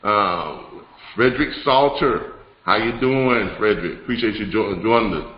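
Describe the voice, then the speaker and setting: A man's voice: fairly low pitch, lively intonation, normal speed. Guy running a live stream, rambly, lots of ums, voice kinda echoey and muffled. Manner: rambling, chatty, many fillers and restarts. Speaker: host of a live business broadcast. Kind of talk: live-stream teaching and announcements. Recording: roomy, slightly dull sound.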